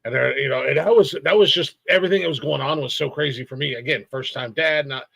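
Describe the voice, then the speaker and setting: A middle-aged man on a casual podcast, his gravelly voice recorded dry and close. He stops and restarts often, filling the gaps with "uh" and "like". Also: mid-range voice, a bit bright, no room sound, low-quality recording. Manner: rambling, halting with many fillers. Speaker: podcast co-host.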